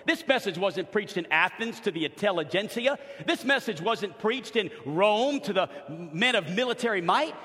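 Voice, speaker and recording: A pastor from New Orleans preaching a sermon in a church, emphatic, swinging from loud to hushed. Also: male voice, high-pitched, expressive, normal speed, few pauses. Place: church sanctuary. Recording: long hall reverb.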